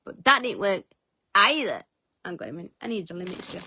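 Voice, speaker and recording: A woman's voice: mid-range voice, lively intonation, normal speed, pushed and bright, slight background noise. A woman telling a story as a vlogger in casual chat, self-mocking and swearing freely. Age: adult, eldest of three siblings.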